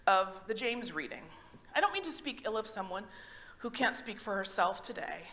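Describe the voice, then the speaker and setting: Woman pastor, 30s, conversational sermon delivery, bright tone, higher voice, quizzes the pews. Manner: conversational, animated, asks the congregation questions. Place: church sanctuary.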